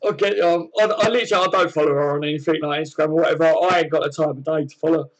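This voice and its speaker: A man's voice: a little high, steady tone, racing, low-quality recording. An English man hosting a casual fan live stream, chatting to viewers and answering their comments, calling them mate and laughing often.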